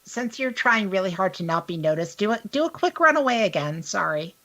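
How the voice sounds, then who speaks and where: A woman's voice: medium pitch, animated, fairly quick, a bit bright, muffled recording. A woman narrating a tabletop role-playing game as game master, in an easygoing, casual way.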